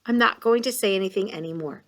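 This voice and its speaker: A woman's voice: medium pitch, fast talker, fairly bright tone. A woman teaching kindergartners a reading lesson, patient and encouraging, sounding out words. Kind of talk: read-along reading lesson.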